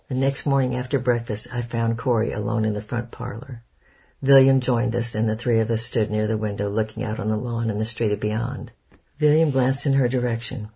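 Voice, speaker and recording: Gravelly, husky man reading a novel. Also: mid-range voice, steady tone, moderate pace, warm tone. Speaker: audiobook narrator. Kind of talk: first-person novel narration.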